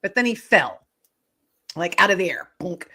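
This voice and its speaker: A woman author, a guest on an interview show, telling animated stories with plenty of laughter and acted-out voices. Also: on the low side, moderate pace, slightly rough. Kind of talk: casual storytelling interview.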